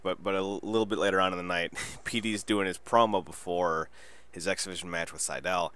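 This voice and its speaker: A man hosting a wrestling podcast, talking through a casual solo review in a rambling, excitable way and swearing freely. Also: deep voice, fairly quick, clean tone.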